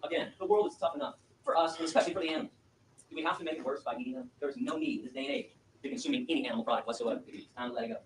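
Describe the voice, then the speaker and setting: A man delivers an impassioned speech to a live audience. His voice sits high and he talks at a rapid, driving clip. The mic is some way off in a reverberant room, with a faint hiss underneath. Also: distant mic. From Michigan, USA. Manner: rapid, animated storytelling, driving and emphatic. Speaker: activist lecturer.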